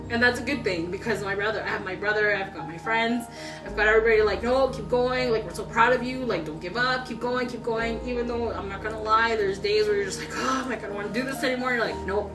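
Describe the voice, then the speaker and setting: A young woman telling her story in a casual interview, chatty and excitable, laughing often. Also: fairly high pitch, recorded from a distance. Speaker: customer giving a testimonial. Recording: roomy sound from off-mic with background music.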